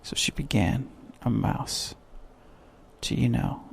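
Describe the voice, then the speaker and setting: A man narrating a sleep story with slow, soft bedtime reading. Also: mid-range voice, creaky, breathy edge.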